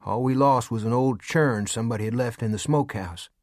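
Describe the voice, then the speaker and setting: A man's voice: mid-range voice, brisk, darkish tone, no echo. Male audiobook narrator, dry close sound. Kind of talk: scripted narration.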